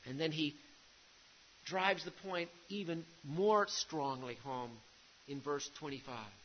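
Male preacher, higher than usual pitch, emphatic sermon delivery, muffled lo-fi recording. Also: takes it slowly, a little hiss or hum. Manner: emphatic preaching, repeats key phrases, drops to a hush on grave lines.

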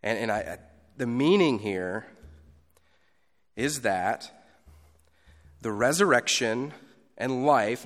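A pastor giving a sermon in a conversational style, moving between loud emphasis and quiet asides. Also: male voice, medium pitch, big-room sound.

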